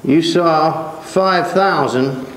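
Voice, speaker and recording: A man's voice: fairly high pitch, drawn-out words, fairly bright tone. A man teaching a church Bible class, conversational and joking, repeating words for emphasis. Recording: roomy echo, faint background hiss.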